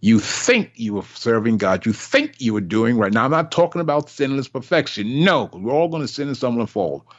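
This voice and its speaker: An older man with a mid-pitched voice preaches a passionate sermon, speaking emphatically, repeating himself for effect and acting out the voices of the people he quotes. His pitch swings widely, and he talks briskly with few pauses. The recording sounds dull and lo-fi.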